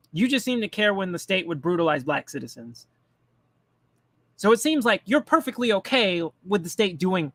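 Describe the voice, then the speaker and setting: A man's voice: high voice, fairly bright tone, dry recording. A man ranting bluntly and profanely in casual political commentary, mocking the people he talks about. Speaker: commentary streamer.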